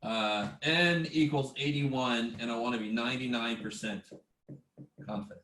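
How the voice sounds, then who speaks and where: A man's voice: mid-range voice, moderate pace, a bit bright, a little hiss or hum. Guy lecturing math on a zoom call, laid back, mutters little asides and cusses under his breath. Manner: informal, self-deprecating, mutters asides and mild curses. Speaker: math instructor. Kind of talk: casual online lecture. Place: home setup over video call. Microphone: video call mic.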